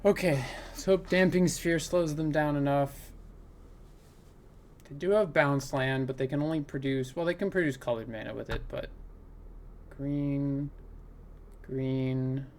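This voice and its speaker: Groaning and laughing at his bad luck, a gaming content creator thinks aloud through his plays during live commentary on his own card game. He speaks slowly and steadily at a medium pitch, with long pauses and a darkish tone. There is a little hiss or hum.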